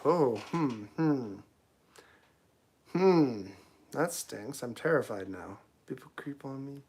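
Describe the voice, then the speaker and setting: A Canadian man with a Canadian accent and a mid-range voice, talking casually to his livestream viewers as he works. His delivery is offhand and joking, often trailing into quiet mumbled asides. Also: medium pitch, animated, slow pace, long pauses, breathy edge. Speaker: livestreaming knifemaker. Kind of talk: casual live-stream chat while working.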